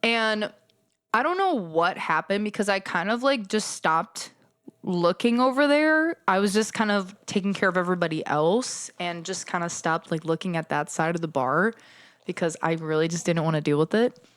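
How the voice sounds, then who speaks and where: A young adult woman hosting a podcast, casually telling a story about working as a bartender, animated and swearing as she acts out both sides of the exchange. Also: lowish voice, moderate pace, clean tone, no room sound. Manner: animated, acts out customers and herself in quoted dialogue, swears. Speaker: podcast host.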